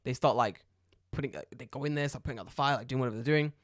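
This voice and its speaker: A man, a podcast co-host telling a story in casual chat, animated and profane, acting out the dialogue loudly. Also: mid-range voice, racing, no room sound, clean studio sound.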